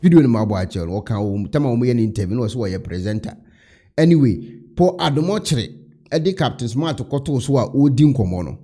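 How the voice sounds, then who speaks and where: A man's voice: medium pitch, expressive, a little fast, warm tone. A man vlogging in casual storytelling commentary, recounting events in a chatty, gossipy way.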